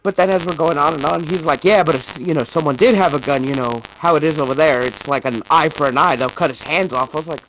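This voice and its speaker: A woman's voice: sits low, quick pace, hardly any pauses, a little hiss or hum, poor audio. A woman co-hosting a podcast, telling a story in a casual, swearing way with many fillers and reenacted exchanges. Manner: animated, swearing, laughing retellings with many fillers. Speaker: podcast co-host.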